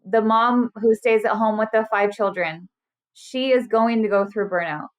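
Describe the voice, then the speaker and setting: This burnout specialist, a woman in her thirties, speaks at medium pitch and a normal speed. Appearing as a podcast guest for relaxed interview talk, she's earnest and lively, dramatizing any quotes she brings up.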